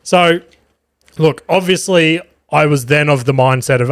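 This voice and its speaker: A young Australian man hosting a podcast, telling an animated, profane, self-mocking story from home. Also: a little high, a little slow, no room sound, studio quality. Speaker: podcast host. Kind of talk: casual storytelling chat. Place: home room with a cat.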